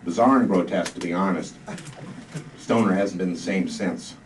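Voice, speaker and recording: Deadpan man reading his comic book. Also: low-pitched, moderate pace. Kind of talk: comic reading to a live audience. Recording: distant mic, noisy live room.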